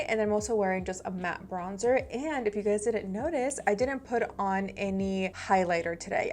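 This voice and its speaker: A woman's voice: mid-range voice, darkish tone. A woman in her thirties doing a chatty, bubbly makeup review vlog, talking straight to her viewers. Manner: chatty, bubbly, talks to viewers as "you guys". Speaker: beauty vlogger.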